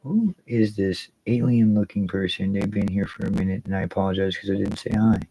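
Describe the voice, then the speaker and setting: A man hosts a casual livestream, rambling and swearing freely as he greets viewers by name. His voice is fairly low, fairly quick, and warm in tone, though the recording is rough.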